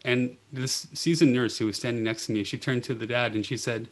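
A middle-aged man, a pediatric oncology nurse, telling stories in an earnest, gentle way with many "you know"s. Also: medium pitch, fairly even intonation, a little fast, hardly any pauses. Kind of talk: reflective storytelling in a podcast interview.

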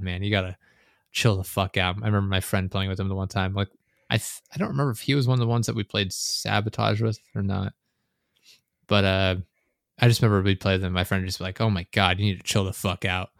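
A man's voice: on the low side, gravelly, no room sound, clean studio sound. A young man hosting a casual gaming podcast, rambling and swearing often, with frequent laughter. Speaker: podcast host.

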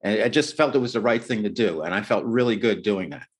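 A man's voice: fairly low pitch, fast talker, husky. A man hosting an interview, asking thoughtful questions in hesitant, searching phrasing. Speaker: interviewer, host.

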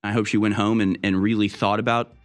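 A man's voice: fairly low pitch, level tone, a little fast, soft background music. A man with an American accent hosting a talk radio show, delivering a sarcastic, mocking opinion monologue.

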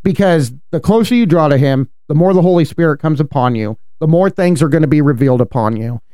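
A man's voice: a little high, animated, fast, mellow, clear, resonant tone, no room sound, studio quality. A man co-hosting a casual faith discussion, talking earnestly and animatedly and laughing often. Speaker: podcast co-host.

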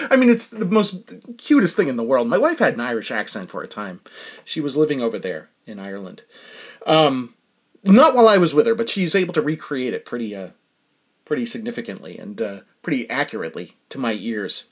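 Male podcast host, middle-aged, open and rambling delivery, very lively pitch. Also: normal speed. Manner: candid, rambling with many fillers and restarts. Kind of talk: casual personal monologue.

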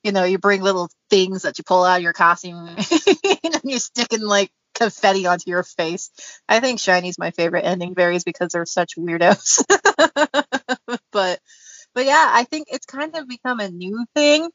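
A woman's voice: medium pitch, animated, normal speed, a bit bright, dry recording. A chatty woman co-hosts a podcast, laughing often as she talks. Her speech is loose and full of fillers. The recording is dry and a little muffled. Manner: giggly, chatty, lots of fillers. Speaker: podcast co-host. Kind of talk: casual chat.

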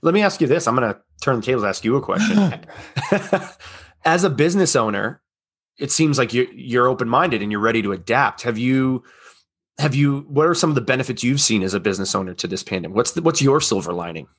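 A man's voice: medium pitch, expressive, a little fast, fairly bright tone, husky. A man working in sales, a podcast guest, chatting casually and telling anecdotes with a laugh.

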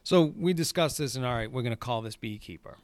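A man's voice: mid-range voice, expressive, quick pace, dry recording. Guy swapping golf course stories, laid back, swears a lot, dead dry mic. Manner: rambling storyteller, swears, laughs often. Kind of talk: casual podcast chat.

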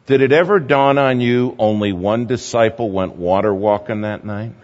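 Male preacher, animated storytelling sermon, long hall reverb, dull muffled sound. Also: fairly low pitch, normal speed. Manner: animated, swings between loud and hushed.

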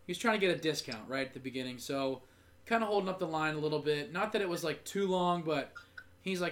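Chatty storytelling guy, higher voice. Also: fast talker, a bit bright. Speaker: podcast co-host. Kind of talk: casual sports chat.

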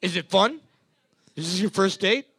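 A man's voice: sits high, lively intonation, moderate pace, a bit bright, breathy edge, no room sound. A man co-hosting a bar trivia night, reading out scores and joking crudely with lots of swearing. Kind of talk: casual banter while scoring a music quiz.

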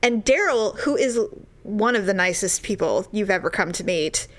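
A woman casually telling a story, exasperated and animated, acting out the people in it. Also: medium pitch, normal speed. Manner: animated, exasperated, acts out voices.

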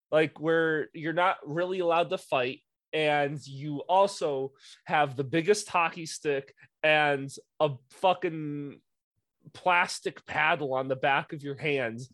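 A young man coaching youth hockey, telling a profane, animated story in casual podcast chat. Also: fairly high pitch, slow pace, dry recording.

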